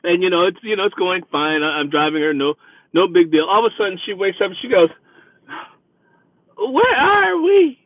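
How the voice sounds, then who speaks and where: A man who drives for a rideshare service, hosting his vlog and retelling a ride in a chatty, animated way. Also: high-pitched, quick pace, no room sound. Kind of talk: casual storytelling. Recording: dry, phone-like lo-fi sound.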